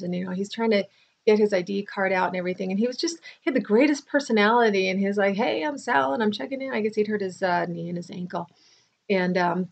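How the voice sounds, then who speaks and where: A woman's voice: mid-range voice, gravelly. A tired middle-aged woman chatting casually to camera, telling a rambling personal story with restarts and asides. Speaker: vlogger.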